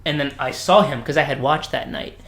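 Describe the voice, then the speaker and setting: A man's voice: brisk, slight background noise. Laughing storyteller man in an echoey room. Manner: animated, laughs often, jumps into high pitch for quoted voices. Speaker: podcast co-host telling stories. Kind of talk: casual storytelling chat. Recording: roomy echo.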